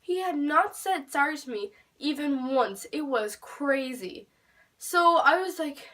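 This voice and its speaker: Young woman, storytime vlog, rambling, swears, fairly high voice, distant mic. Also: unhurried. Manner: rambling, animated, swears freely. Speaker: vlogger. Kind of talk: storytime vlog, casual chat. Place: home room. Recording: voice a bit far from the mic.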